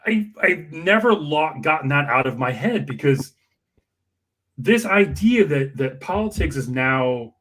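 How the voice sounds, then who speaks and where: A man telling campaign stories in casual chat, animated and full of acted-out quotes. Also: measured pace. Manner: animated, acts out quoted dialogue with big pitch jumps. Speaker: political campaign staffer and guest storyteller. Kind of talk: casual conversational storytelling.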